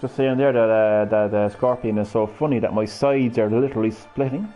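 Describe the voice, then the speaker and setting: A young man giving excitable, profane, sarcastic commentary while streaming a fighting game. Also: fairly low pitch, fairly quick. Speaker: gaming streamer. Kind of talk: live gameplay commentary. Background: game music.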